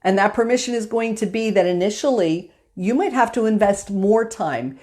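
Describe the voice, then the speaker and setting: A woman's voice: medium pitch, expressive, normal speed, a little mellow. A woman hosting a motivational live stream, telling a story in a chatty way with filler words. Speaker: host.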